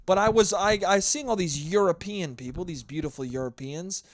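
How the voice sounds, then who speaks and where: A man's voice: sits high, moderate pace, no room sound. A hungover young man hosting a solo podcast, rambling and swearing freely, scatterbrained. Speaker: podcast host. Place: New York.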